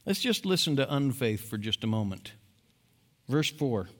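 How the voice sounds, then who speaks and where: A man preaching a sermon as pastor, emphatic, moving between quiet, low passages and loud, rising exhortation. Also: sing-song, moderate pace. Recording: long hall reverb.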